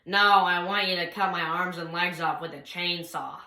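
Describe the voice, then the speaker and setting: A young woman voicing a sarcastic, grumpy man with a slow drawl in a comic monologue. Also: lowish voice, pushed and bright, roomy sound, pitched below the performer's own voice.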